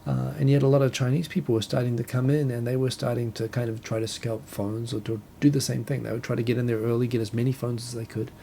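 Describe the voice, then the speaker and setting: A man's voice: mid-range voice, little pitch movement, fast, vocal fry, hardly any pauses, mellow, a little hiss or hum. A man from New Zealand with a New Zealand accent, hosting a casual solo talk show and rambling with self-corrections and chuckles. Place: home, Tokyo.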